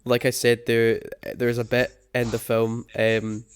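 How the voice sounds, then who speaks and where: A man's voice: medium pitch, monotone, unhurried, clear, resonant tone. A young man hosting a casual film-review podcast, rambling with lots of ums and restarts as he lays out his thoughts. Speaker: podcast host.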